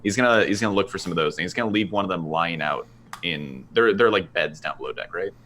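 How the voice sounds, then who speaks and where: A man with a very low but lively and bright voice plans his character's moves, hesitating as he goes. A faint hum of ambience runs behind him. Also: fast. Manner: thinking aloud, hesitant. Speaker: player. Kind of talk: casual tabletop play.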